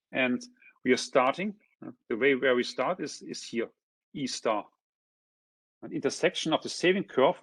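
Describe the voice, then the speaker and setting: Male economist, seminar lecture, husky tone, dry sound, keeps checking in with listeners. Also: medium pitch, no echo. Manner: checks in with frequent tag questions; points through a figure step by step. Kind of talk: academic lecture explaining graphs.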